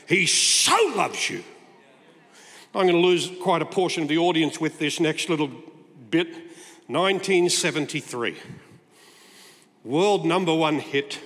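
A man's voice: high-pitched, moderate pace, fairly bright tone. A man in his sixties preaching a sermon as a guest speaker, talking to the congregation in a conversational, playful storytelling way. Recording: long hall reverb.

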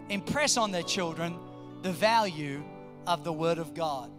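A man, preaching a sermon, telling family stories and then building to loud exhortations. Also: a little high, animated, measured pace, soft background music. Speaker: pastor.

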